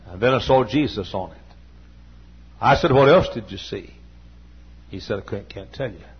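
A man's voice: lowish voice, husky. An older man preaching a sermon, telling stories in quoted dialogue and building to fervent emphasis. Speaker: pastor. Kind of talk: sermon storytelling. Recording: dull lo-fi sermon recording.

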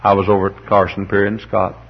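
A man's voice: on the low side, completely flat delivery, quick pace, breathy edge, highs cut off. A man preaching a sermon as pastor, rambling and humorous, repeating words as he tells stories and then rising to emphatic preaching. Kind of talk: sermon with folksy storytelling.

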